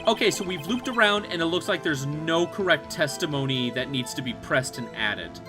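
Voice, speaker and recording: Young guy talking through a game, lively voice, game music going behind him. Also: a little high, moderate pace. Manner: casual, thinking aloud. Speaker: let's play host. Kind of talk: gameplay commentary.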